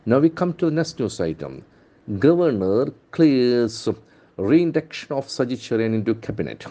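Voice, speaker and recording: A man's voice: mid-range voice, very animated, mellow, dull audio. A man with an Indian English accent teaching pronunciation from newspaper headlines, repeating words and spelling them out letter by letter. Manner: drills words aloud, repeating them slowly. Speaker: English trainer. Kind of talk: newspaper-based pronunciation lesson.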